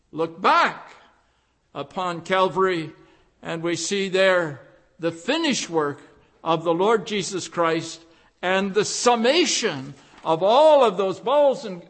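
Brief: male preacher, high voice, unhurried sermon delivery, hammers key phrases. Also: a bit bright. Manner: emphatic, repeats key phrases with rising force.

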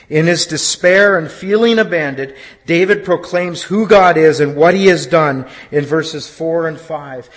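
A pastor preaching a sermon, swinging from loud declarations down to hushed, almost whispered lines. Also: male voice, a little high, measured pace, hardly any pauses, big-room sound.

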